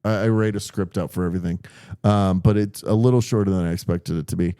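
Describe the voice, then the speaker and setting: A man's voice: deep voice, steady tone, fast talker, dark tone, smooth, dry recording, studio quality. A man appearing as a podcast guest, chatting in a laid-back, joking way. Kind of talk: casual podcast chat.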